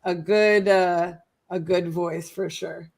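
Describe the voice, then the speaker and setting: A woman from Ohio co-hosting a casual livestream, chatty and quick to laugh. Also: on the low side, steady tone, vocal fry. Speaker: co-host, real estate investor.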